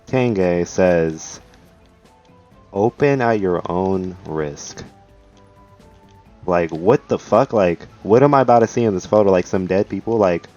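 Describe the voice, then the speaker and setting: A man's voice: on the low side, a little mellow, dull audio. A young man streaming live, telling a rambling, profane story in casual chat, full of "like", with faint music behind him.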